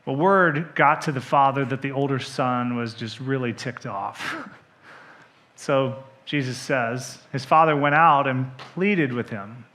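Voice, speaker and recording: A man's voice: mid-range voice, unhurried. A male pastor preaching a sermon, telling the story with animation and asking the congregation direct questions. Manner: animated storytelling, acting out the characters' quoted lines.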